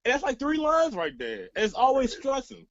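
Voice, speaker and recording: Profane, animated young man ranting. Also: very high voice, moderate pace, dry recording. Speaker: vlogger. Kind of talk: casual storytelling rant. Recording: slightly dull, dry lo-fi sound.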